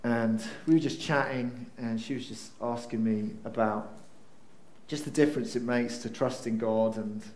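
A man preaching a lively sermon, swinging between excited bursts and hushed, slowed moments. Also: mid-range voice, a little hiss or hum. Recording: roomy echo.

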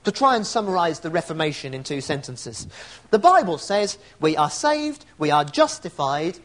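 A man's voice: on the high side, sing-song, normal speed, fairly bright tone. A man preaching an evening sermon, reflective and asking rhetorical tag questions.

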